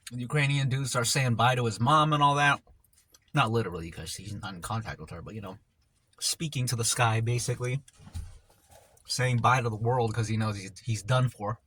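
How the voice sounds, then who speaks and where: A man's voice: mid-range voice, moderate pace, a bit bright, a little hiss or hum. A man telling a story casually while eating on camera, in a rambling, laid-back way full of slang, often trailing off mid-thought. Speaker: mukbang vlogger.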